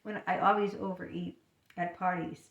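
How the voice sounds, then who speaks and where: A woman's voice: fairly low pitch, level tone, moderate pace, recorded from a distance, lo-fi sound. A woman chatting casually about her own experiences, filling her talk with "you know" and acting out little snatches of dialogue. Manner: chatty, lots of fillers, acts out little voices. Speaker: talker sharing personal experience. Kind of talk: casual personal chat. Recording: echoey room, speaker away from the mic.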